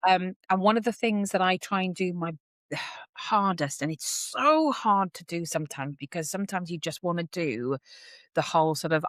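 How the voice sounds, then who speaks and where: A woman's voice: on the low side, normal speed, no echo, clean studio sound. A woman, a podcast guest chatting casually and animatedly, often acting out what others say. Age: 40s. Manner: animated storyteller who acts out others' voices. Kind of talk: casual chat.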